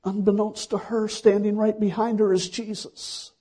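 Husky high-voiced male preacher. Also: little pitch movement, moderate pace, warm tone. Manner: dramatic storytelling, swelling to fervent emphasis. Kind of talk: sermon retelling a scripture story.

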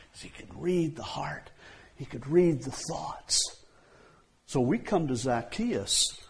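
A man's voice: on the high side, husky. A man preaching a sermon in a conversational way, often repeating himself and saying "you know.".

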